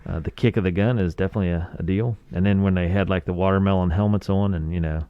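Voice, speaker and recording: Deep-voiced laid-back man from West Virginia. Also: fairly even intonation, fast talker, no room sound, lo-fi sound. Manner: laid-back storyteller, chuckles often, acts out quotes. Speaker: podcast co-host. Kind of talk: casual movie review chat.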